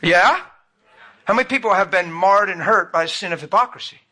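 A man's voice: high-pitched, fast talker, sharp tone. A man preaching a sermon, telling a personal story with fervent, emotional storytelling.

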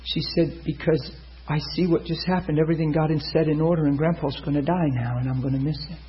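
A man preaching a sermon, telling a story and acting out the people in it with sudden loud high bursts. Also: steady tone, quick pace, slight background noise. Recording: muffled lo-fi sound.

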